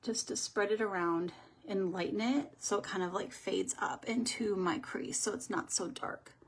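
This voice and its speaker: A woman's voice: medium pitch, steady tone, normal speed, husky. A woman chatting casually on a livestream as she does her makeup, telling rambling stories as she goes. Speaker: makeup artist and livestream host. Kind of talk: casual livestream chat while doing makeup.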